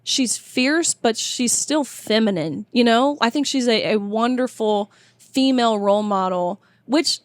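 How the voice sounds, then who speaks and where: A woman's voice: a little high, unhurried, dry recording. A young woman in her twenties, a guest in a casual interview, speaking in a chatty, emphatic way. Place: tour bus.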